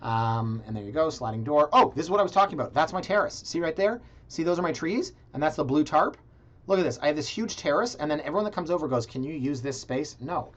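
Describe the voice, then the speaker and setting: A man's voice: on the high side, fast. Sarcastic man ranting about condo listings. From Canada. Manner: sarcastic, animated, talks straight to viewers. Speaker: realtor and video blog host. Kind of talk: casual rant reviewing listings. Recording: slightly dull, lo-fi sound.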